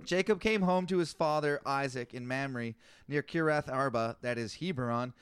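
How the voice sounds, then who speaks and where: Smooth-voiced man reading aloud, exasperated. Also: mid-range voice, normal speed, dry recording, studio quality. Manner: exasperated, swears while reading long name lists. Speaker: podcast co-host reading scripture. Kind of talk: casual chat and reading aloud.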